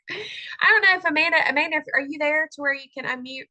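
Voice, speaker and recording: A woman's voice: high voice, expressive, fast, sharp tone. A woman hosting a group video call, affirming and encouraging each speaker. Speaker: host of the team call.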